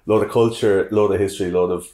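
A man's voice: low-pitched, fairly even intonation, fast, mellow. An Irish man co-hosting a podcast in casual chat, rambling with fillers and restarts. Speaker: podcast co-host.

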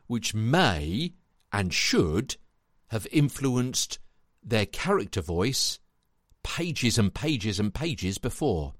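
A man hosting a spoken tutorial podcast, chatty and animated, talking straight to the listener. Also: on the low side, no echo, clean studio sound. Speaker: podcast host and voice coach.

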